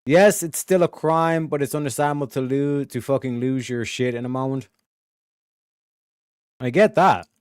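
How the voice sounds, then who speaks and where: A man hosting a show, giving a blunt, profane and animated commentary rant. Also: medium pitch, moderate pace, long pauses, clear, resonant tone, no room sound, clean studio sound. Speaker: show host.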